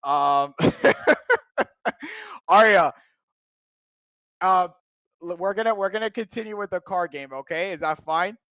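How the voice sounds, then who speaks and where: A man hosting a casual live stream, excitable, laughing loudly and filling pauses with ums. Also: high voice, no echo. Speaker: streamer host. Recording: dull lo-fi dry sound.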